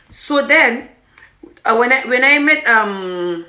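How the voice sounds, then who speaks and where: Animated Gambian woman in an echoey room. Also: mid-range voice, moderate pace. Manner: animated, acts out quoted speech, frequent "what the hell". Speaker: vlogger telling her story. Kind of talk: casual personal storytelling.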